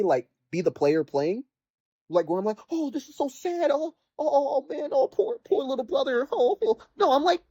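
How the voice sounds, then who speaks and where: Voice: medium pitch, mellow, slightly rough, no echo. A podcast host rambling through an exasperated casual rant, reviewing a video game and packed with filler words. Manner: sarcastic mock voices when quoting characters.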